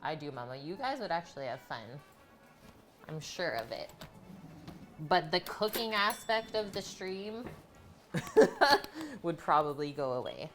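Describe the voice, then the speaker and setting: A woman's voice: sits low, lively intonation, normal speed, fairly bright tone, faint music behind. A woman hosting a live cooking stream, chatting and giggling with her viewers from her home kitchen. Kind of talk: casual live-stream chat while cooking.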